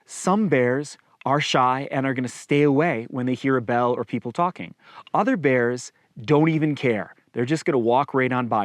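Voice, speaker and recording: A man chats easily to camera with a mid-range voice, giving practical outdoor safety advice. His delivery is relaxed and conversational, with a touch of dry humour. The recording is close and dry, with no room sound. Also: medium pitch, no echo. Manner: relaxed, conversational, lightly joking. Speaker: outdoor guide and vlogger. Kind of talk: casual explanatory talk to camera.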